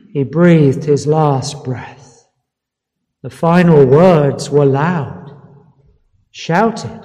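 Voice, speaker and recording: A man's voice: fairly high pitch, a little mellow. A man preaching a sermon to a congregation, emphatic and asking them rhetorical questions. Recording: long hall reverb.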